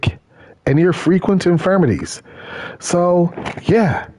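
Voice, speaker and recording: A man's voice: high voice, expressive, slow, warm tone. Rambling man chatting while gaming. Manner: rambling, repeats words, says "bro". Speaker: gaming channel host. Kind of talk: casual chat while gaming.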